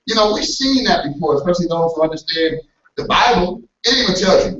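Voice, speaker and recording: Brief: high-pitched male preacher, animated, acts out voices and shouts, AAVE, recorded from afar in an echoey church hall with dull sound. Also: fairly quick, far from the mic. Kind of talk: motivational sermon.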